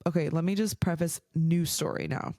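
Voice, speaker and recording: A woman's voice: sits low, fairly even intonation, moderate pace, warm tone, no echo, clean studio sound. A young adult woman hosting a podcast, telling stories casually, swearing freely and leaning on "like" as she talks. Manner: chatty, swears freely, heavy use of "like". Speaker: podcast host. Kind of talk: casual storytelling.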